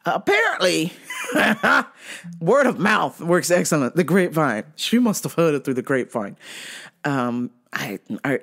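Lady podcast host going off, lots of cussing, low-ish voice that swings up and down a lot. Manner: profane, ranting, animated storytelling. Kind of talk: casual solo podcast monologue.

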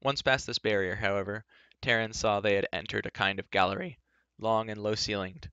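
A man reads a novel aloud at a steady, measured pace. His voice is on the low side, and the recording is dry and somewhat dull. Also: clean tone, dry recording. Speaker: reader.

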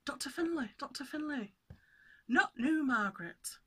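A woman's voice: high-pitched, expressive, measured pace, pushed and bright, voice pushed up, full character voice. A woman voicing an insistent Scottish receptionist with a Scottish accent, pleading over and over.

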